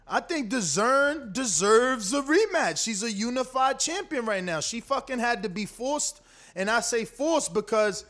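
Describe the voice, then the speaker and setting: High-voiced profane livestream host. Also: male voice, fairly bright tone. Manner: loose, profane, rambling and emphatic. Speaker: boxing podcast host. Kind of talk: casual livestream chat.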